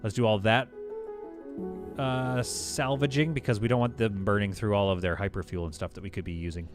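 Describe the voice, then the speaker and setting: A man's voice: lowish voice, fairly quick, over music. Chatty male streamer thinking aloud. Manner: relaxed, laughs easily. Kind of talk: live gameplay commentary.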